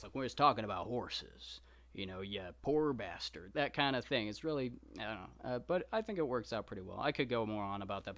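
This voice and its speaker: A man's voice: lowish voice, a bit bright. Rambling Texan man chatting with viewers. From Texas. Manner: rambling, lots of fillers, self-deprecating asides. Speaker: podcast host reading the Iliad. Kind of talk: casual live-stream chat answering viewer questions.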